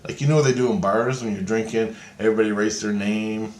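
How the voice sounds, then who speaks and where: A man's voice: on the low side, fairly even intonation, quick pace, a little mellow. Profane man rambling through a dream story. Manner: profane, rambling, acts out quotes. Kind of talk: casual storytelling about a dream. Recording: echoey room with faint background noise.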